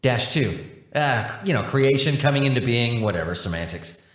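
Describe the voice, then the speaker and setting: A man's voice: mid-range voice, expressive, normal speed, fairly bright tone, natural voice. A breezy, easygoing cosmic tech support being, chatty and full of slang, as a male narrator puts him on. His voice sits in a middling register. It comes through with a roomy echo around it. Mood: laid-back.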